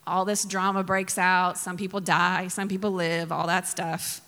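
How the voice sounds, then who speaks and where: A woman pastor giving a sermon, telling the story in a lively way with acted quotes and asides to the congregation. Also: on the low side, unhurried, long reverb tail.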